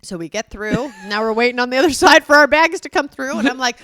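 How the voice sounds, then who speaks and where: A woman in her forties on a podcast, telling an animated story and acting out the quotes, swearing freely. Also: high voice, fast talker. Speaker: podcast co-host.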